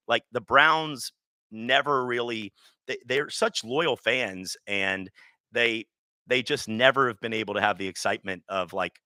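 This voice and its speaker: A man's voice: mid-range voice, sharp tone, no room sound. A man hosting a casual sports talk show, rambling and joking with plenty of restarts. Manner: rambling, jokey, with lots of restarts.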